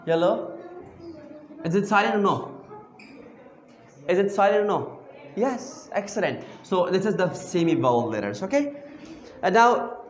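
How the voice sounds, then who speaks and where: A man's voice: high-pitched, expressive, measured pace, long pauses, a little hiss or hum. A man teaching a grammar lesson to a class, often repeating himself and quizzing students. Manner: questioning, repeats phrases and asks the class to answer back. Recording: echoey room.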